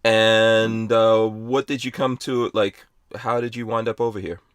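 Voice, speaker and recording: A man's voice: lowish voice, level tone, measured pace, clear, resonant tone, no echo, clean studio sound. A man hosting a podcast in a rambling, playful way, reading out chat comments. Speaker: podcast host.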